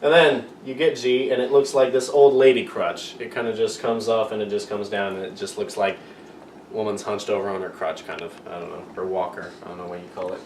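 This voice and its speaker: A man gives a loose, playful lesson, wandering off track and making fun of himself. He is recorded from well back in an echoing room with a faint hiss behind him. His voice sits at an ordinary pitch. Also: little pitch movement, a little fast. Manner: rambling, self-mocking, playful. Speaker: amateur video teacher. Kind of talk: casual joking lesson. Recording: roomy echo, far from the mic, faint room noise.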